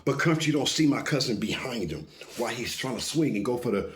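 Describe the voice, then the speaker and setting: A man telling a story in a casual, animated way, full of profanity and asides, often stopping to tell the listener to pay attention. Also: mid-range voice, a little fast.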